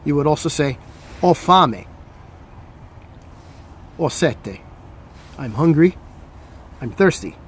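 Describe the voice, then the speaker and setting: A man's voice: on the high side, lively intonation, slow, pauses often, slight background noise. A man from New Jersey with an American accent, teaching an Italian lesson, patiently repeating examples and switching between English and Italian. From New Jersey, USA. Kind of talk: language lesson.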